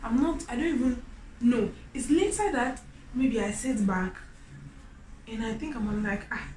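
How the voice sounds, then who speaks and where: A young woman tells a personal story straight to the camera. Her voice swings from bright exclamations down to soft, close confiding. The room rings with echo and has a faint hum underneath. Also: a little slow. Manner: expressive, swinging from loud exclamations to quiet, low confiding. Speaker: vlogger. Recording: echoey room.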